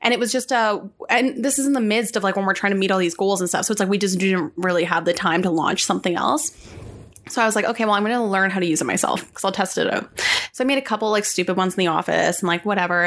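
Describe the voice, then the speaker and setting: A young woman from Canada chats at a quick clip, her stories tumbling out with lots of fillers. She talks in an animated, casual way. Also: medium pitch. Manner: fast, animated storytelling with many fillers. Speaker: guest, content creator. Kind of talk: casual chat.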